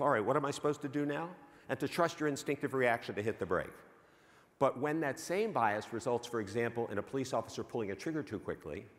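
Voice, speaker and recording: A man giving a lively conference keynote, asking the audience questions and correcting himself as he goes. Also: mid-range voice. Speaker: keynote speaker on bias. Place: large conference hall. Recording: hall reverb from a stage mic.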